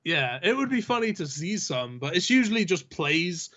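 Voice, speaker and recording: Southern english guy w rolled r's, kinda high voice, rambly and swears a lot, muffled lo-fi mic. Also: big pitch swings, moderate pace, a bit bright. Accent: Southern English, rhotic. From southern England. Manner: easygoing, rambling with fillers and swearing. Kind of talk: casual chat.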